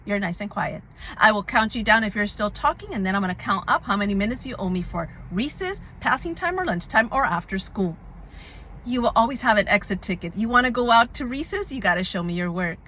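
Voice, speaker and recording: A middle-aged woman who works as a substitute teacher, giving casual classroom advice in an animated way and often checking in with "right?". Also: medium pitch, a little fast, a little hiss or hum.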